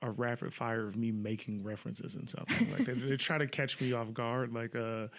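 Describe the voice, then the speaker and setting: A man's voice: mid-range voice, flat delivery, a little fast, fairly bright tone. A young man talking casually as a podcast guest, laughing often, loose and profane, an improviser and TV writer.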